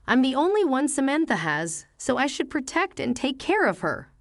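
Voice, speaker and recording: A woman voicing a gentle, devoted young husband. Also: very high-pitched, big pitch swings, moderate pace, no room sound, studio quality, voice pushed up, exaggerated voice. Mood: tender.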